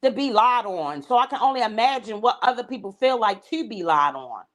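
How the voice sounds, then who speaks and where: Blunt woman host, lively swooping voice, a bit high, chatting with food in her mouth. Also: brisk. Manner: blunt, animated, slangy and emphatic. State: eating while talking. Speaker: show host. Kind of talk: casual gossip commentary chat.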